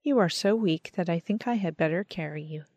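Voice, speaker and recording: A woman reading the part of a kindly, gentle man who speaks softly and patiently. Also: on the low side, fairly quick, no room sound, highs cut off, close to an everyday voice. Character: gentle kindly man, a late brother-in-law.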